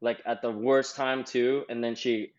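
A man's voice: medium pitch, fairly even intonation, a little slow. A man in his twenties, a podcast guest, telling a long story in casual chat with lots of "like" fillers. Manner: rambling, heavy on "like". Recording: slightly dull lo-fi sound.

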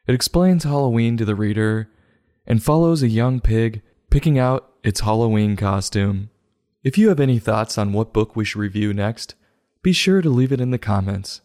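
A man hosting a comic book review show, delivering mock-serious, sarcastic commentary in a deadpan way. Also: on the low side, normal speed. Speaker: host.

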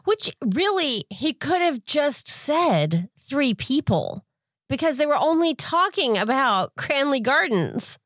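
A woman's voice: high-pitched, very animated, slow, fairly bright tone, no room sound, studio quality. A woman co-hosting a podcast, reacting and joking casually. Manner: reactive, jokey, laughs often. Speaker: podcast co-host. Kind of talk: casual chat.

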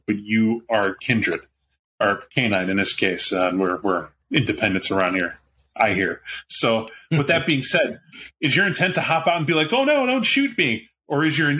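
A man's voice: mid-range voice, moderate pace, sharp tone, a little hiss or hum. A man narrating a tabletop role-playing game as game master, in a casual, rambling way.

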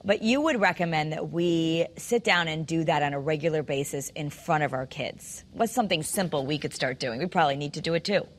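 A woman's voice: low voice, a little fast, hardly any pauses. A mother hosting an interview, affirming her guest and asking long, rambling questions about parenting. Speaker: interview host. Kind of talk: casual interview talk.

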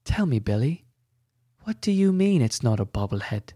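A man's voice: medium pitch, very animated, normal speed, dark tone, breathy edge, no room sound, studio quality. A man voicing a bossy, boisterous male elf who acts like a general, with a commanding, teasing manner. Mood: playful.

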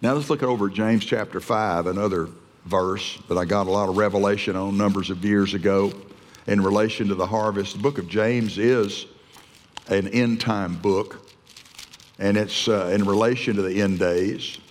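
A man's voice: on the low side, steady tone, normal speed. Fervent male preacher in a reverberant hall. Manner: fervent, emphatic, with frequent restarts. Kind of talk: sermon.

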